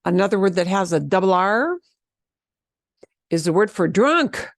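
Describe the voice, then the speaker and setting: A woman's voice: mid-range voice, lively intonation, unhurried, no echo, clean studio sound. A woman from the teaching a beginner Spanish lesson, patiently repeating words and drilling the trilled R. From American Southwest.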